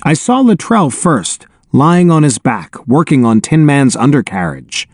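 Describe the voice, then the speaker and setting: A man narrating an audiobook in an expressive, wry first-person telling, on a close studio mic. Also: mid-range voice, a little slow, no room sound.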